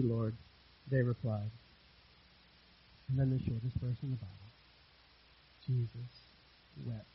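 A man preaching a sermon as pastor, earnest, repeating phrases for emphasis and swinging between loud and hushed delivery. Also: fairly high pitch, breathy edge, dry recording, lo-fi sound.

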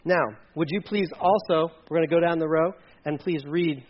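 A man's voice: fairly high pitch, steady tone, normal speed. A man preaching a sermon in a playful, joking way, leading the audience with volunteers on stage in a church. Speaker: pastor. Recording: dull lo-fi sound.

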